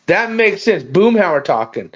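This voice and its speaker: A man's voice: sits high, big pitch swings, measured pace, a crowd in the background. A man hosting a livestream in casual chat, teasing and swearing, laughing often. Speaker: livestream host. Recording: dull lo-fi stream audio.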